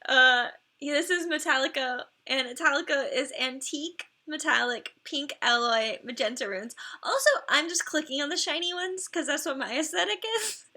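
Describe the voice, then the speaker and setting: A woman's voice: high voice, normal speed, hardly any pauses, bright, forceful tone. A woman streamer in casual live-stream commentary, chatty and effusive, gushing praise and laughing often between remarks.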